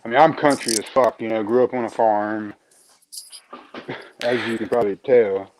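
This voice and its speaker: A man's voice: fairly low pitch, fairly even intonation, moderate pace, a little mellow, slight background noise, poor audio. Laid-back folksy man on a podcast. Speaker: guest. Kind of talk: casual podcast chat.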